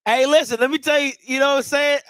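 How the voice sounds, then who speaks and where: A man hosting a sports talk show with a Baltimore accent, speaking in quick, emphatic bursts and sometimes shouting. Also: extremely high pitch, steady tone, no room sound. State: out of breath. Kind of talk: excited sports commentary with call-ins.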